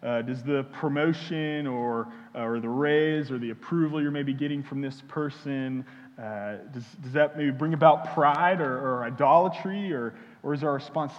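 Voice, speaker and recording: A young man from Houston preaching a sermon, halting often with fillers and restarts as he speaks. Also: mid-range voice. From Houston, Texas. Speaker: pastor. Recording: dull sound in a reverberant hall.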